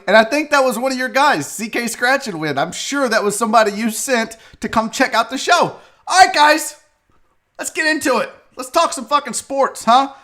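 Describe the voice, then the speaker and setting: A man's voice: high voice, bright, forceful tone. A man hosting a live sports show, rambling and swearing loosely as he drinks on air. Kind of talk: loose live-stream talk.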